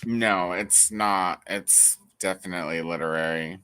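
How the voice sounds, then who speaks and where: A speaker chatting casually on a livestream, animated and laughing often. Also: sits low, a little slow, clean tone. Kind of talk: casual chat.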